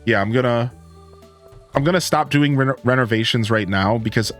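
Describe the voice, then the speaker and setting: A young man with a medium-pitched, fairly bright voice plays a farming game on a live stream, with faint music in the background. He speaks at a moderate pace, laid-back and chatty, greeting viewers in chat.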